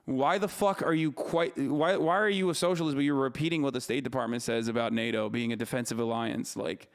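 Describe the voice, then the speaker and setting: A man streams live from a studio, ranting heatedly about politics, swearing freely and arguing back at his chat. His mid-range voice is smooth and brisk.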